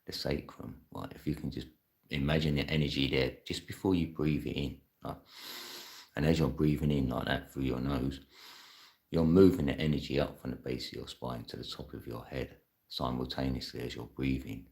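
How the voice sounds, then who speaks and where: Male live-stream host, extremely low and gravelly voice, loose rambling chat with frequent laughs. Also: steady tone, moderate pace, a little mellow. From London. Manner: reads and answers viewer chat. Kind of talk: casual live-chat monologue.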